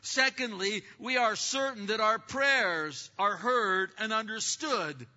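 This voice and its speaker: A male pastor preaching a sermon, swinging from loud bursts to hushed, quiet passages and acting out distracted listeners in quick asides. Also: high-pitched. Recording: dull lo-fi sound with long hall reverb.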